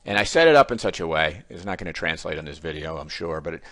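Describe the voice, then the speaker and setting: Middle-aged male instructor, lower voice, folksy storyteller, lecture-video delivery. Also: expressive, quick pace, a bit bright, no echo, clean studio sound. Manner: conversational storytelling with quoted student voices; folksy asides. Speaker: statistics instructor.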